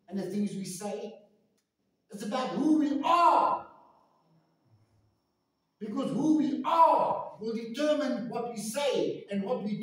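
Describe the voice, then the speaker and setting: A man preaching a sermon as pastor, emphatic, repeating phrases for stress and swinging from soft to loud. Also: very high-pitched. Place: church. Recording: echoey church hall, mic at a distance.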